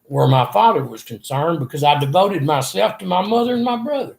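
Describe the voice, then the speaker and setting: A man's voice: a little high, animated, fairly quick, vocal fry, a little mellow. An older man, earnestly telling a rambling personal story in an interview. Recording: echoey room.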